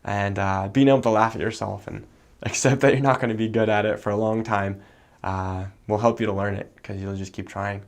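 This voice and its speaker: A young man from the United States, a returned missionary, explaining a language in a relaxed way with many fillers. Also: on the low side, a little fast, vocal fry. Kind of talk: casual explanation.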